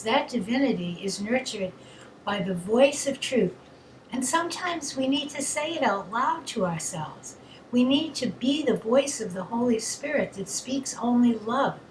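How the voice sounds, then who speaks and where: Slow, gentle woman teaching with tenderness. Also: a little high, roomy sound, slight background noise, low-quality recording. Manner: soft and tender, drawn-out phrases. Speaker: co-leader of an online spiritual session.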